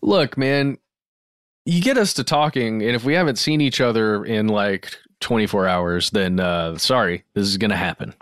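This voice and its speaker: A man co-hosting a podcast in casual chat, jokey, with quick asides. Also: on the low side, no echo, clean studio sound. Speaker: podcast co-host.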